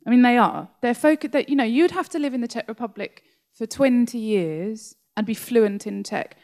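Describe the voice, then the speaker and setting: An English woman author, speaking in an animated interview conversation and often breaking into laughter as she tells stories. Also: fairly high pitch, moderate pace. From England. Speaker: author guest. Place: library talk.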